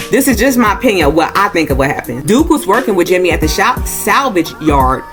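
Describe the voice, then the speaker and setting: Recapping a film's plot casually, a woman reviews it informally, dropping "y'all" and acting out what characters say in a raised voice that climbs in pitch.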